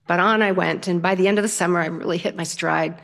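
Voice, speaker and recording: An older woman telling a personal story in an animated way, often laughing as she talks. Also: on the low side, quick pace, vocal fry.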